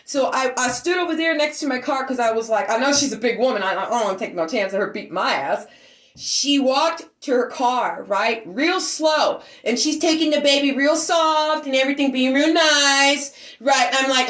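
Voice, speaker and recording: High-voiced woman telling an agitated story. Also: brisk, reverberant. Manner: animated, agitated retelling with raised outbursts. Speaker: storyteller recounting an incident. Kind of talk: casual storytelling vlog.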